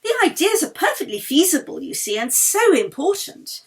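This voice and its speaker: A snobbish upper-class older lady who gushes pompously about her ideas, read aloud by a woman. The voice sits fairly high and comes out eager and loud. It is a storybook reading. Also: sing-song, normal speed, vocal fry, heavily acted. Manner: enthusing, pompous.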